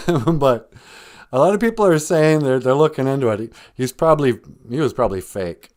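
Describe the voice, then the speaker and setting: A man hosting a live comedy podcast, rambling through mock-earnest, deadpan satire. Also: medium pitch, normal speed. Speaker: podcast host.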